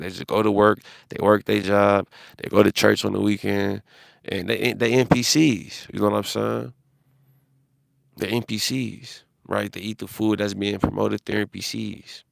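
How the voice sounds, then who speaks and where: A man's voice: on the low side, creaky, no echo, studio quality. A man on a phone livestream, talking in a rambling, profane way with lots of restarts.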